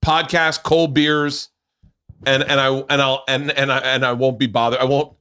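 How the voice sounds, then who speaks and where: A man's voice: medium pitch, level tone, normal speed, bright, forceful tone, clear, resonant tone. A man in his forties hosting a podcast from his home studio, chatting casually in a rambling way and swearing freely. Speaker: podcast host. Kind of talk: casual chat.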